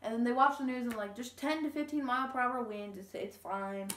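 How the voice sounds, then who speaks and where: A teen girl from Louisiana records a chatty storytelling vlog on her camera in an echoey room at home, rambling with many fillers and quoted dialogue. Her voice is a little high and fairly bright, she talks a little fast, and there's slight hiss or hum.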